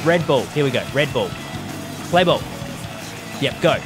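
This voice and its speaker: A man commentating his own gameplay on a live stream, excitable and laughing often as he cheers things on. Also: medium pitch, measured pace. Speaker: game streamer. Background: game music.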